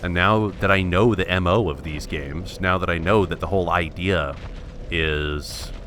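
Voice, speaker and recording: Man, very low pitch, bright forceful tone, wry self-mocking game commentary, faint background noise. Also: measured pace. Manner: wry, self-mocking, thinks aloud with frequent restarts. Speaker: gameplay commentator. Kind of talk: let's play commentary.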